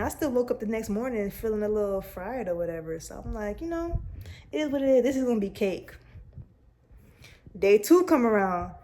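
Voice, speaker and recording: A young woman talks straight to her viewers in a relaxed, candid vlog. Her voice is mellow and warm, with a middling pitch. She speaks casually and openly, like she is catching up with friends. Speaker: vlogger. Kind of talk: casual personal storytelling to camera.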